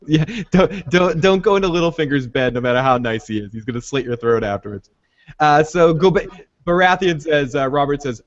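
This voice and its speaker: A man's voice: medium pitch, moderate pace, highs cut off. A man co-hosting a podcast, casually recapping an episode and loosely quoting characters' lines as he goes. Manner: retells scenes by quoting lines, loose and rambling.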